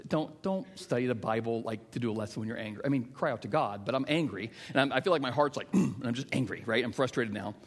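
A middle-aged male pastor preaching a sermon, telling stories that swing from hushed to emphatic. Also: mid-range voice, fast talker, hardly any pauses. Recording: long reverb of a large hall.

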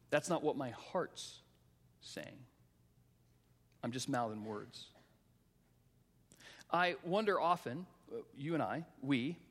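A middle-aged male pastor preaching a sermon, telling a personal story with animated voices for his children. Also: medium pitch, breathy edge. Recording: long hall reverb.

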